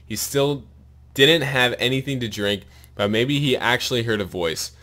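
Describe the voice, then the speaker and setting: A man reading a long story aloud in a steady narrating voice, his mouth sore and bleeding after a wisdom tooth removal. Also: medium pitch, moderate pace. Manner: steady read-aloud narration with pained asides.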